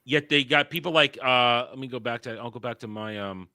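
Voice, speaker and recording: A man with a very bright, forward voice hosts a casual panel chat. He rants bluntly and swears freely. The sound is dry and close. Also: medium pitch, a little fast, clean tone, no echo. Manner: blunt, ranting, profane. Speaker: podcast host.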